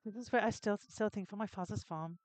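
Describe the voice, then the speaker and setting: An earnest young farm girl from a retro adventure game, put on by a streamer, speaks in a vague, wandering foreign accent with simple, halting phrasing. The sound is dry and close, with no room around it. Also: mid-range voice, no echo, close to an everyday voice, poor audio. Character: young farmer's daughter, cheerful and earnest.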